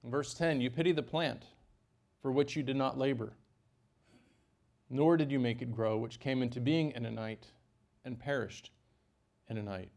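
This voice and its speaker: A man preaching a sermon at a mid-range pitch. He talks in an animated way, with sudden jumps up in pitch and volume. He adds dry asides between points. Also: normal speed, creaky, long pauses.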